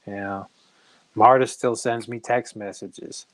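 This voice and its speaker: A middle-aged man, a comic creator, telling casual anecdotes in an animated way and acting out other people's voices. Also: on the low side, takes it slowly, dry recording, poor audio. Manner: animated, acts out quoted voices.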